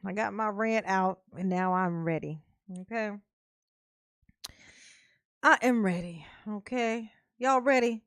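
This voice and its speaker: A woman's voice: mid-range voice, slow pace, pauses often, dry recording, clean studio sound. A woman vlogger ranting in casual commentary, profane and laughing often. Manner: profane, laughing, animated Southern-Black-vernacular delivery.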